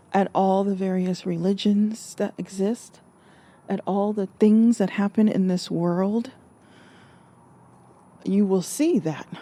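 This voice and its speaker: Woman speaker, earnest reflective monologue, warm mellow voice, mid pitch. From Alaska. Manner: earnest, restarts and rephrases, acts out quoted voices. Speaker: spiritual speaker.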